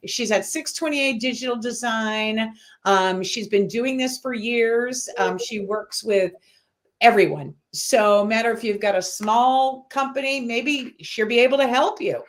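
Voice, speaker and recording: A woman's voice: a little high, a little slow. A woman from Massachusetts hosting a casual online chat, laughing often and filling gaps with "um". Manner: chatty, laughs often, many "um" fillers. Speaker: host. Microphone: online video call.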